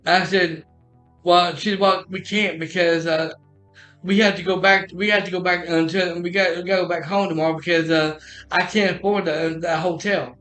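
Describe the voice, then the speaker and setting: A man's voice: sits high, little pitch movement, moderate pace, fairly bright tone, soft background music. A man telling a personal story in a casual, rambling way, often restarting and repeating "I said.".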